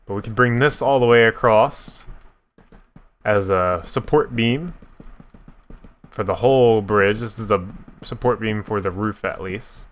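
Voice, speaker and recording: A young man giving casual, self-mocking commentary while he builds in a block game, with a deep voice that sometimes cracks. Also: a little slow, pauses often. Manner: chatty, self-mocking, laughs at his own slips. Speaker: gaming YouTuber.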